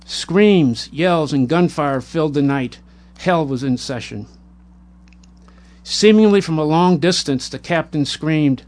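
A man reading a war memoir aloud in a measured, plain way, now and then stumbling and correcting himself. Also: fairly high pitch, a little mellow. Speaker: narrator.

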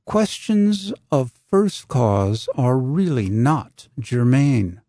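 A man's voice: mid-range voice, very animated, very slow, dark tone, dry recording, studio quality, exaggerated voice. A man voicing a genial elderly male professor who explains things patiently in a storybook reading. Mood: explanatory.

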